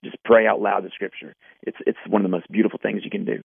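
Pastor guy on a phone line, gravelly and kinda low, hopeful and measured. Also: flat delivery, no room sound. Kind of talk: faith podcast conversation.

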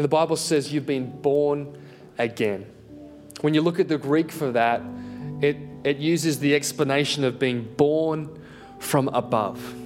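In the middle of a sermon, a young man speaking at medium pitch shares a story from his own life. He tells it with lots of animation, chuckling at himself along the way.

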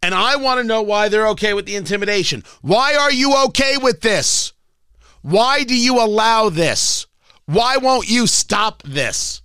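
Radio host guy ranting, high voice swinging all over, bright and dry. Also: clean tone, dry recording. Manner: ranting, combative, sarcastic. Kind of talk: political talk radio monologue.

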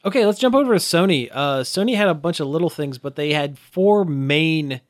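A man's voice: on the high side, lively intonation, moderate pace, no echo, studio quality. A man co-hosting a casual podcast chat, rambling with lots of "like" fillers. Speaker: podcast co-host.

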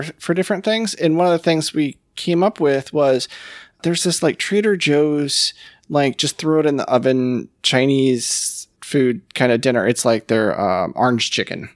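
A man's voice: fairly high pitch, unhurried, dry recording, studio quality. A man telling a family story in a casual podcast chat, with frequent ums and likes. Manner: chatty anecdotal storyteller with filler words.

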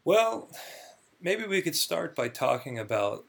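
In a conversational interview, a clinical research guest explains his job with earnest sincerity, often repeating words as a thought gets going. His voice is fairly high, creaky and fairly bright, very animated yet unhurried.

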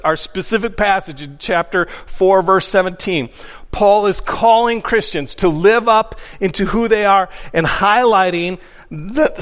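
A man's voice: high-pitched, a bit bright. A man preaching a sermon from the pulpit, earnest and emphatic, repeating his key phrases for weight. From Upper Midwest of the US. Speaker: pastor. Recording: long hall reverb.

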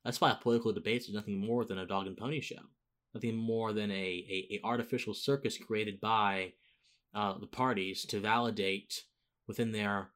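A fairly low-pitched man with a fairly bright tone hosts a casual political monologue. He rambles, restarts his sentences, and climbs into emphatic outbursts as a political commentary host.

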